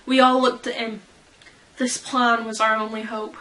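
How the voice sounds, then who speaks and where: Young woman, fan vlogger, slow giggly ramble, bright tone. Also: fairly high pitch, flat delivery, low-quality recording. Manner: giggly, rambling, self-deprecating. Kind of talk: casual chat.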